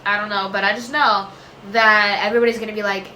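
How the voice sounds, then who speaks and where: A woman's voice: mid-range voice, flat delivery, quick pace, bright, forceful tone, reverberant, slight background noise, rough recording. A woman answering viewer questions in a casual chat, rambling, often losing track, correcting herself and laughing.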